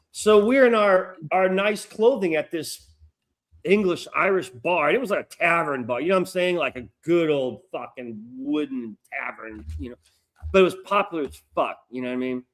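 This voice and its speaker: A middle-aged American man, a podcast co-host, telling a long story in a rambling, profane, animated way. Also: a little high, normal speed. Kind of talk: casual storytelling chat.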